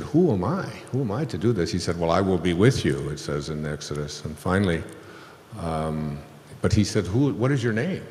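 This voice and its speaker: Casting: man with a low, deep voice, unhurried spiritual speaker, rambling and chuckling, recorded in a reverberant hall before an audience. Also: a little mellow, a little hiss or hum. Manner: rambling, with many fillers and chuckles. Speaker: speaker on stage. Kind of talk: spiritual talk, storytelling.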